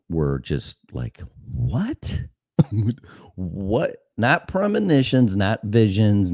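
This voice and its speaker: A middle-aged man with a low voice rambles through a profane personal story. His pitch leaps and dives as he talks. The sound is dry and close. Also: darkish tone, dry recording. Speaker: show host. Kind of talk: casual monologue.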